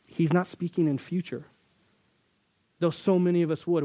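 A man's voice: a little high, lively intonation, a little fast, dark tone, highs cut off. A man with a slightly raised voice preaches a conversational sermon, pressing his points with emphasis and talking to his listeners as guys. The sound is dry and close, with no room echo. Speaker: pastor.

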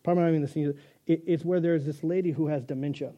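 A man's voice: a little high, steady tone, fast, mellow, muffled recording. A male pastor delivering a conversational sermon, joking and restarting as he goes.

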